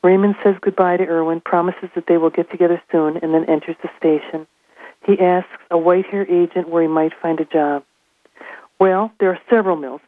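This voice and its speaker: A woman reading aloud from her own novel in a steady, measured narration. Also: on the low side, no room sound. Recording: tinny phone line.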